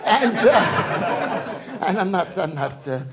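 A middle-aged man with a thick New York accent works a club stage, rambling and deadpan, repeating himself. His voice sits high and swings all over the place. A loud crowd roars with laughter behind him. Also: slow pace. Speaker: stand-up comedian. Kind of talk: live stand-up routine. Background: audience laughter.

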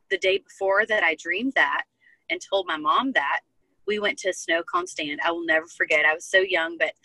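A woman's voice: fairly low pitch, bright, forceful tone, no echo, rough recording. A young woman talking as a guest, telling her personal testimony in an earnest, heartfelt way. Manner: earnest, heartfelt storytelling with many fillers. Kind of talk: personal testimony in casual chat.

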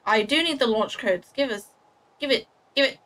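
At a moderate pace, a young woman with a fairly high, slightly bright voice provides casual gameplay commentary. She talks to her chat and to herself while streaming, teasing herself about clumsy play.

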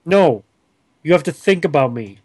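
A man's voice: a little high, animated, normal speed, darkish tone, breathy edge, dry recording. A young man hosting a casual chat while gaming, rambling goofily and bantering with a friend. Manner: goofy, rambling, silly banter. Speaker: channel host.

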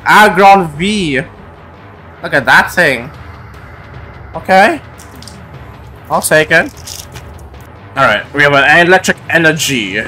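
Brief: young-sounding man, casual card-opening vlog, slow drawn-out delivery, rambling with lots of "like", faint music underneath. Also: on the high side, animated, bright, forceful tone. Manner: rambling, many "like" fillers, naming cards aloud. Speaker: YouTuber opening trading cards.

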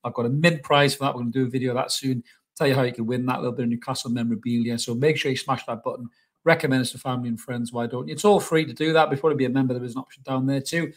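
A man's voice: medium pitch, steady tone, very fast. A man hosting a casual football match preview, blunt and opinionated. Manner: blunt, opinionated, swears about rivals. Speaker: football channel host.

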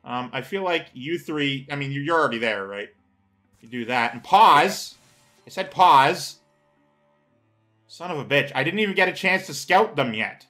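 A man's voice: medium pitch, expressive, brisk, sharp tone, soft background music. A man hosting a let's play, rambling, swearing and laughing. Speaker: host.

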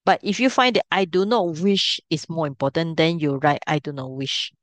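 A middle-aged woman teaches a language class, patiently explaining things step by step and checking that students can follow. Her voice is low-pitched at a moderate pace, with no echo.

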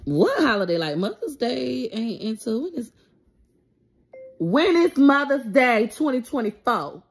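Animated woman ranting to her followers. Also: on the high side, a little slow, slightly rough. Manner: animated, profane, repeats herself when upset; addresses her followers directly. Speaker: content creator. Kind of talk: casual ranting vlog.

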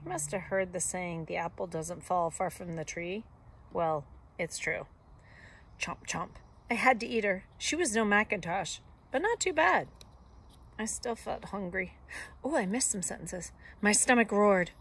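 A woman teacher reading a picture book aloud expressively, with soft whispered asides. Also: mid-range voice, animated, a little slow, husky. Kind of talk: storybook read-aloud.

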